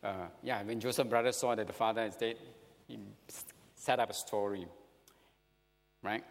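A man with a Singaporean English accent delivers a sermon, animated and full of rhetorical questions. His voice has an ordinary middle pitch. It rings with the long reverb of a large hall. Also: moderate pace. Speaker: preacher.

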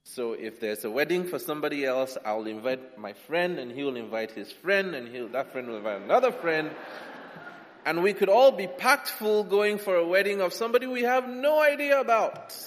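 A man from Nigeria, preaching a sermon with humour, swinging between loud and soft. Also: on the high side, animated, normal speed, a little hiss or hum. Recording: long hall reverb.

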